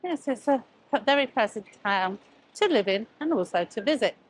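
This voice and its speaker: A woman's voice: a little high, expressive, normal speed. A woman presenting a walking-tour travel vlog outdoors on a town street, chatty and a little out of breath from walking, pointing things out as she goes. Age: older. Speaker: travel vlogger.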